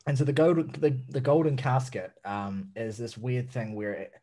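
A man's voice: medium pitch, steady tone, normal speed, dark tone. A man co-hosting a music podcast, rambling and correcting himself in casual chat. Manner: rambling, self-correcting, laughs mid-sentence. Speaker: podcast co-host.

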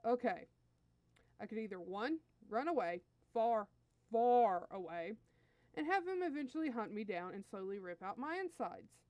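A woman's voice: on the high side, animated, moderate pace, a little mellow, no echo, close to an everyday voice. A woman voicing a bumbling, burly male alien minion who stammers and whines in fear, in a fan fiction story reading. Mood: anxious. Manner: stammering, fearful whining.

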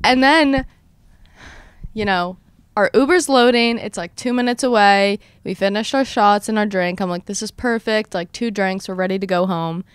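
A woman in her twenties hosting a podcast, telling a story in casual chat with lively, dramatic retellings of her own quotes. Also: medium pitch, normal speed, clear, resonant tone, no echo. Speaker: podcast host.

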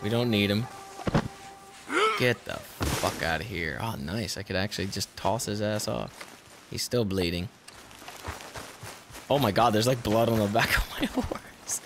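A man giving casual let's-play commentary while playing a video game, excitable, swearing a lot and yelling at the game. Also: fairly low pitch, measured pace, pauses often, over music.

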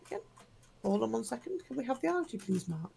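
A woman hosting a livestream auction in a brisk, chatty way. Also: fairly high pitch, sing-song, vocal fry, warm tone, slight background noise. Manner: brisk, chatty, laughs easily. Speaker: auction host.

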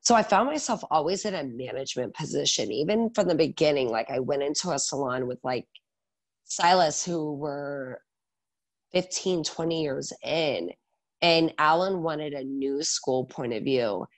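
A man in his thirties, a guest on an interview podcast, telling his story in an energetic, animated way with lots of filler words. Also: a little high, measured pace. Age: 30s. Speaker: guest, salon owner and educator.

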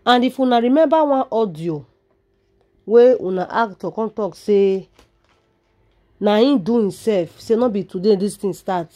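Nigerian woman, gossip vlogger, mid pitch, dramatic and chatty to camera. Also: mellow. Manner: dramatic, addresses viewers directly, drawn-out sighs. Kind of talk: Nigerian Pidgin gossip commentary.

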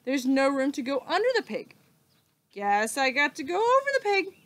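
A woman's voice: sits high, big pitch swings, moderate pace, a bit bright, voice pushed up. A woman doing a whooping little cowboy burglar. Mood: hushed scheming. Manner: drawling, hollering cowboy whoops. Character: small cheerful cowboy burglar man.

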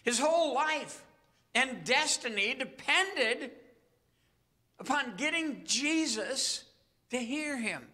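A male pastor delivers a sermon in a high, very bright voice. He speaks slowly and earnestly, breaking his phrases with dramatic pauses. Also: animated.

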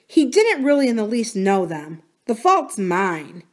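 Picture an earnest, fretful housekeeper, lifting her voice higher in alarm as she questions and pleads, as a woman reading a novel aloud puts her on. The voice is fairly high for a woman and stays plainly her own, with startled, searching questions. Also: very animated, measured pace. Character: anxious kindly middle-aged housekeeper woman.

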